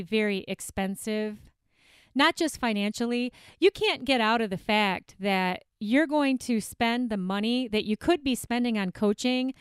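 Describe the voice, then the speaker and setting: A woman host talks straight to her listeners in a smooth, clear voice that sits a little high. She comes across chatty, emphatic and self-deprecating. The sound is close and dry, recorded in her home office studio. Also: no echo. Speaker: podcast host and eating coach. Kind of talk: solo podcast monologue.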